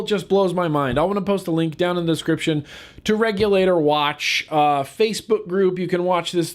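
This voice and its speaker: A man from California talking casually to camera in a vlog, getting fired up and repeating words for emphasis. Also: fairly high pitch. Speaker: vlogger.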